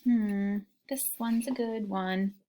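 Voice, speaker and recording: A woman teaching young children a phonics lesson, slow and encouraging in a sing-song way, with soft whispered asides. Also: mid-range voice, fairly even intonation, background noise.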